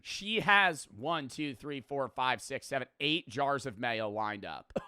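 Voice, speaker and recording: A man talks over a video in a loose, profane ramble that wanders from one thought to the next. His voice is bright, clear and smooth. The sound is dry and close, with no room echo. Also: medium pitch, lively intonation, slow. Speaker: streamer reacting to a video. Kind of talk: casual reaction commentary.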